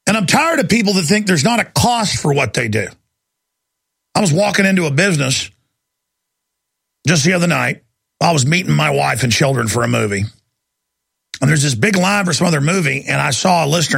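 A middle-aged man hosting a radio talk show, delivering an angry rant, shouting and pushing his voice up when worked up. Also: expressive, brisk, gravelly, pauses often, slightly rough. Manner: shouting and ranting, voice climbing high when angry.

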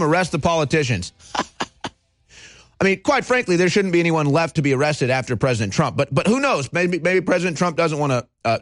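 A man's voice: fairly high pitch, no room sound. A man hosting a political talk show, ranting with stammering restarts and heavy sarcasm. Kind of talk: heated political talk commentary.

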